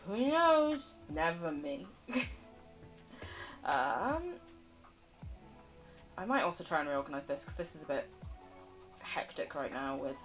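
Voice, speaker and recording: A woman's voice: deep voice, very animated, takes it slowly, long pauses, a bit bright, soft background music. A woman streaming a game, chatting in a rambling, self-mocking way, laughing often and swearing casually. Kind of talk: casual live-stream chatter while playing.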